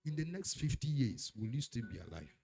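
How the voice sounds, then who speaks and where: A man preaching a sermon, swinging between loud declarations and hushed warnings. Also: mid-range voice, big pitch swings, brisk, creaky. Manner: dramatic, swings from shouting to hushed. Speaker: pastor.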